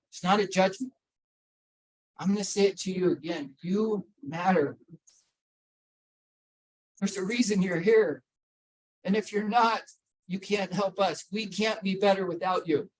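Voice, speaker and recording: A man's voice: high-pitched, rough recording. A man giving a motivational talk on mental health to a workplace audience, asking them questions and calling on people by name. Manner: emphatic, repeats key points. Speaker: workplace wellness speaker.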